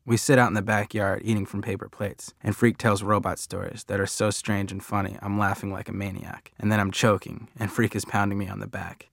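A man narrates a first-person story with a conversational, wry touch. His voice sits a bit low. The sound is close and dry, like a booth with no room echo. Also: little pitch movement, a little fast, vocal fry, hardly any pauses.

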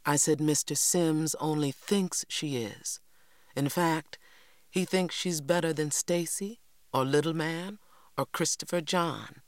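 A woman voicing a firm, tired mother in an audiobook, speaking quietly with a hard, controlled edge. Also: deep voice, takes it slowly, no echo, studio quality. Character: firm, weary Southern mother. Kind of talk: audiobook character voice.

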